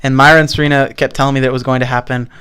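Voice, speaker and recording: Smooth-voiced young man telling stories. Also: medium pitch, flat delivery, rapid-fire, bright, forceful tone. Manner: rambling storyteller, lots of fillers and swearing. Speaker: podcast co-host. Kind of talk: casual chat.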